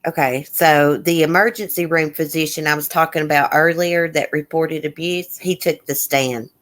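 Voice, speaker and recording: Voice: mid-range voice, fairly even intonation, normal speed, a bit bright. A live-stream host in casual commentary who reads a news article aloud, with blunt, indignant asides and remarks to viewers in the chat.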